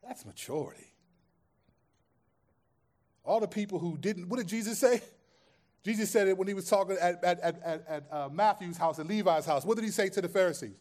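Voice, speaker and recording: A male pastor preaching with real passion, his voice sitting notably high for a man. He drops to near-hushed lines, then climbs to loud, ringing declarations, and he leans on repeated phrases to drive points home. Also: quick pace. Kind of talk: sermon.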